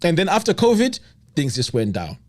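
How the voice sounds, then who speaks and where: A man's voice: on the high side, wildly swooping pitch, brisk, darkish tone. A man hosting a live stream, chatting casually and agreeing often with his guest. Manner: chatty, frequent agreeing murmurs. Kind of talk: casual interview chat.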